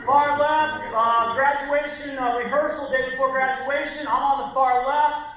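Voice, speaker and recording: A man giving an energetic, punchy motivational talk on stage, speaking directly to the crowd in a large hall. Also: extremely high pitch, measured pace. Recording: echoey hall from far off, faint noise.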